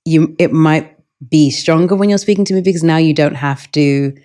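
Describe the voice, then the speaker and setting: A woman with a London English accent, a guest in an interview, speaking in a thoughtful, measured way. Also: low-pitched, dark tone. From England. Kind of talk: conversational interview.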